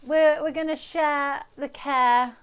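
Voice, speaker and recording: High, laid-back female co-host with a dry tease. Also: fairly even intonation, slow pace. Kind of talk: casual chat.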